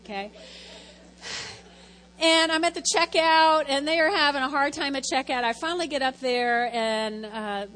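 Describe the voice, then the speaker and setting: Woman, high voice, lay church speaker, chatty and self-deprecating, long hall reverb. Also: fairly bright tone. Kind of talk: informal church testimony talk.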